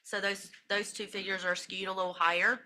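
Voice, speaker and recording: A woman's voice: mid-range voice, little pitch movement, fairly quick, bright, forceful tone. A woman county finance officer reading a monthly financial report at a public meeting, reciting figures methodically with brief self-corrections. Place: county commissioners' meeting room.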